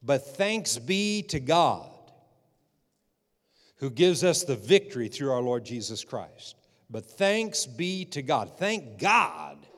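A man preaching a sermon as pastor, repeating phrases and calling out for amens. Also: medium pitch. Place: church sanctuary. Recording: long hall reverb.

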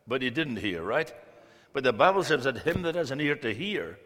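Joking man preaching in a reverberant church. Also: medium pitch. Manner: joking, storytelling, big swings in loudness. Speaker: guest preacher. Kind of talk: sermon. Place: church sanctuary. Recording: long reverb of a church hall.

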